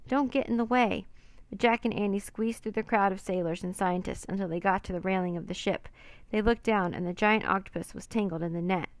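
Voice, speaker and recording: Gravelly woman reading a children's story. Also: mid-range voice, steady tone, fairly quick, dry recording. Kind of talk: children's book read aloud.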